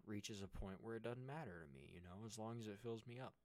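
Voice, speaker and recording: Low-voiced young man telling a story. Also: quick pace, dry recording. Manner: rambling storytelling with many restarts, animated when excited. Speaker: co-host. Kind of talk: casual chat.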